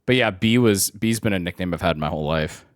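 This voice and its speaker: A man's voice: low voice, fairly quick, no echo, clean studio sound. A man in his twenties streaming live, chatting casually with viewers and telling rambling stories with frequent laughs. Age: 20s. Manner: rambling anecdotal storytelling, laughs often.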